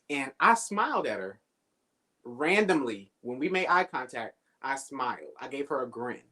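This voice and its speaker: A man's voice: mid-range voice, a bit bright. A man talking as a guest on a casual live stream over a video call, reflective and conversational, swearing casually.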